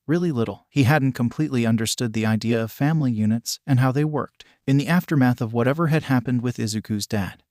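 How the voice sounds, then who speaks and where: Male narrator, steady storybook reading, close dry sound. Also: mid-range voice, no room sound. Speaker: fan fiction reader. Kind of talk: scripted narration.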